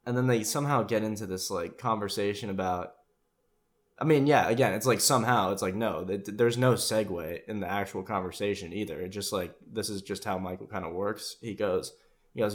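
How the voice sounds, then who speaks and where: Rambling, sarcastic man with a low voice. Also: a little fast. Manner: rambling, sarcastic, swears freely. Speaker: commentator. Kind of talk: casual reaction commentary.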